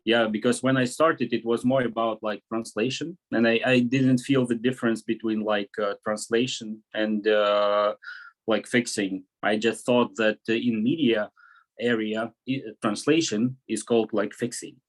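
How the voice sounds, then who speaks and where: Man guest, low-pitched, thoughtful, pauses to find words. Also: steady tone. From Ukraine. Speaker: guest, media fixer. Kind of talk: casual video interview.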